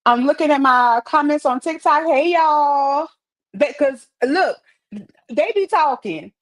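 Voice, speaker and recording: A woman's voice: high-pitched, animated, slow. A woman on a live stream answering viewer comments with upbeat encouragement, often repeating phrases for emphasis, speaking into a wireless earpiece. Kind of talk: motivational live-stream chat.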